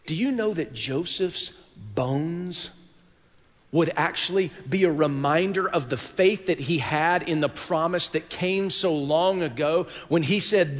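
A man preaching a sermon in a church, telling a story dramatically and swinging from hushed tones to loud peaks. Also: a little high, a little slow, in a large hall. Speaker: pastor. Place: church worship hall.

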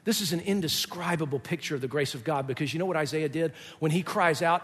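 A man's voice: a little high, fast, few pauses, a bit bright, breathy edge. A male pastor preaching a sermon in an emphatic, explanatory way. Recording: long reverb of a large hall.

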